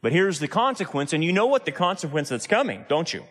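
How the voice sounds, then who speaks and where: A man's voice: fairly high pitch, sing-song, fast talker, fairly bright tone, breathy edge, big-room sound. A man preaching a sermon as pastor, emphatic and driving his points home with rhetorical tag questions.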